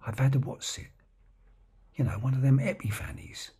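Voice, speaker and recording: A man voicing a working-class bloke who confides in hushed tones, speaking. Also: mid-range voice, animated, moderate pace, breathy edge. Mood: confiding.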